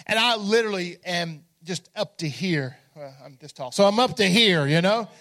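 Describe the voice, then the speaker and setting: Male pastor, very high voice, lively comic storyteller who rallies the congregation. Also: moderate pace. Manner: energetic, humorous, calls out to the congregation. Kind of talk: storytelling sermon.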